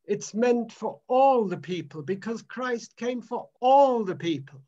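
A man minister preaching a sermon in an emphatic, measured way, repeating phrases for weight. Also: extremely high pitch, animated, warm tone, lo-fi sound.

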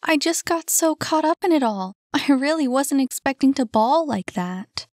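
Woman voicing an excited, dreamy young woman. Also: moderate pace, no echo, clean studio sound. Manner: high, excited, breathless. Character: eager young woman, dreamy and easily enchanted. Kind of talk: audiobook character reading.

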